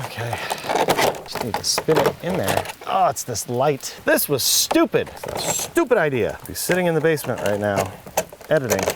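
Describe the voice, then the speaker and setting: With background noise around him, a medium-pitched man hosts home repair videos while working outdoors. He chats casually and mutters in an exasperated, self-mocking way.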